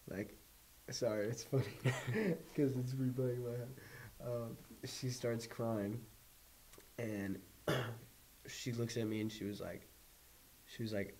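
Young man, low voice, rambling story. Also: steady tone, measured pace, a little mellow, slight background noise, rough recording. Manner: casual, filler-heavy, lots of "like". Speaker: guest. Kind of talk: personal storytelling.

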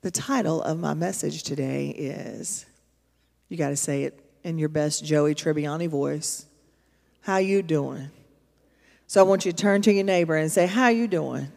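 A woman's voice: low-pitched, moderate pace, creaky, darkish tone. Female preacher, chatty and emphatic, church-hall echo. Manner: storytelling, conversational, emphatic asides to the congregation. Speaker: pastor. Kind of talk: sermon. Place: church auditorium. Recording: long reverb of a large hall.

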